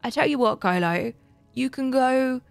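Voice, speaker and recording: A woman's voice: high voice, unhurried, creaky, clear, resonant tone, no room sound, soft background music. A woman livestreaming a video game, rambling in a playful, self-mocking way to her chat. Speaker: livestreaming gamer. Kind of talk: casual gaming commentary.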